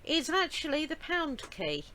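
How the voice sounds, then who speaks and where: A woman from the UK chatting casually as a vlog host, warm-hearted and filling pauses with ums. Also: high-pitched, very animated, slight background noise. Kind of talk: casual chat.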